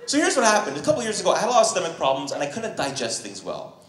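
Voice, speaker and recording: A man performing stand-up in a club, his voice sitting high and leaping all over the place as he acts out characters. The room rings with echo around his microphone. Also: racing, background noise. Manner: animated, acts out characters with wild pitch jumps and high squeals. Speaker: stand-up comedian. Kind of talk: stand-up comedy set. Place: comedy club stage, live audience laughing.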